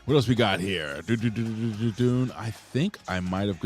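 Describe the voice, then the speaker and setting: A man co-hosting a wrestling podcast in casual chat, loud and jokey, swearing as he reads out viewer comments. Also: fairly low pitch, normal speed, few pauses, soft background music. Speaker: podcast co-host reading chat.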